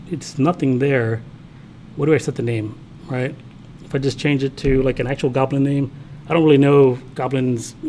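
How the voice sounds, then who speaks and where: In a programming lecture, a college instructor codes live, chatting casually and narrating his thoughts to himself as he types while regularly checking on the class. His mid-range voice is a little mellow, against slight background noise.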